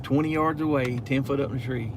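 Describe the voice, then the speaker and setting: A man with a drawl talks to his viewers while he drives, telling long, wandering stories. His voice sits in an ordinary middle register. It is recorded on a phone inside a moving car, and the car's noise hums clearly underneath. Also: medium pitch, fairly even intonation, fast. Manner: rambling, chatty storyteller, talks to viewers. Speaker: channel host. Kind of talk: casual live-stream chat while driving. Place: inside a car at night on a country road.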